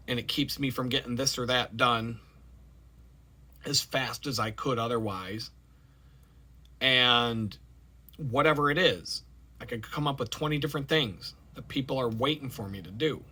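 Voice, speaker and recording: A man vlogging in a rambling, animated personal monologue with many fillers. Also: medium pitch, moderate pace, breathy edge.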